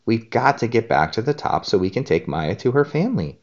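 A man's voice: on the low side, sing-song, a little fast, lo-fi sound, voice pushed up. A man voicing a cheerful, adventurous girl explorer in a storybook, calling out eagerly. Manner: eager, calls out.

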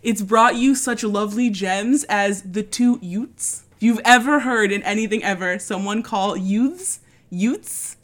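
A woman's voice: mid-range voice, a little slow. A woman co-hosting a casual chat. She tells stories with lots of swearing and sudden jumps into put-on voices. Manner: animated storytelling, frequent swearing; doing voices while retelling scenes.

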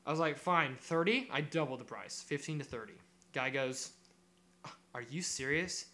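Bright-voiced young man telling a wild story. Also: medium pitch, normal speed. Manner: animated, swears a lot, acts out quotes. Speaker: podcast co-host. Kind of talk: casual storytelling chat.

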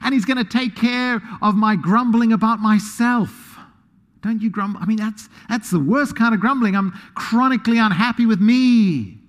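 A man preaching a sermon as pastor, animated and self-deprecating, moving into a quiet prayer. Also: high-pitched, normal speed. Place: church sanctuary. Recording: long hall reverb.

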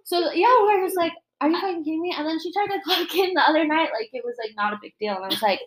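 A woman in her twenties telling customer-service stories in a casual podcast chat, animated and full of profanity, acting out the people she quotes. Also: high-pitched, quick pace, poor audio. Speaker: podcast co-host.

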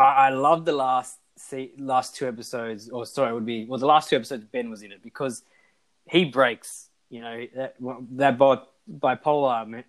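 A man's voice: lowish voice, low-quality recording. A man, casually talking through a TV show on a podcast, rambling with lots of fillers and restarts. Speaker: podcast co-host. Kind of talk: casual chat reviewing a TV show.

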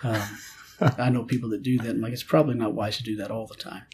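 A man's voice: medium pitch, fairly even intonation, fast talker, darkish tone, slight background noise. A middle-aged man, a pastor, telling a personal story in an earnest preaching manner and acting out his prayers and God's replies. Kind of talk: storytelling in a spiritual conversation.

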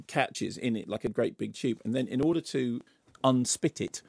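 A man's voice: medium pitch, normal speed, vocal fry, slightly rough, no echo. A British man co-hosting a radio show in casual chat, wry and anecdotal as a film critic. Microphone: studio microphone.

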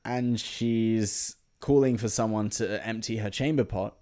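A man's voice: on the low side, steady tone, a little slow, mellow. A man co-hosting a comedy podcast, narrating an improvised story and laughing often.

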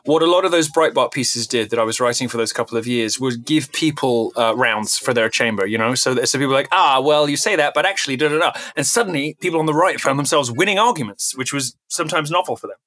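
A man speaking as a podcast guest, animated and emphatic, often restarting his sentences. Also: mid-range voice, quick pace, hardly any pauses. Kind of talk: podcast interview talk.

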